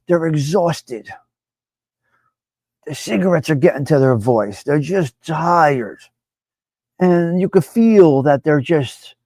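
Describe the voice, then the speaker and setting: A man's voice: a little high, mellow, dry recording. A man hosting a casual live stream, talking bluntly with profanity and reading viewer comments aloud.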